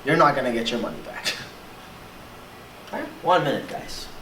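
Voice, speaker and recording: An animated teacher leads a classroom lesson, the pitch rising and falling constantly. The voice keeps checking in with the students. It sits at a distance from the mic in a reverberant room. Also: normal speed. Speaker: English teacher. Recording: echoey room, voice from far off, faint hiss.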